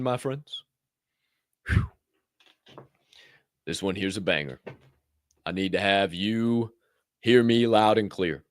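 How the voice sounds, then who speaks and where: A man's voice: medium pitch, dry recording, studio quality. A man hosting a motivational podcast, talking intensely and preachily and swearing freely. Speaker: podcast host.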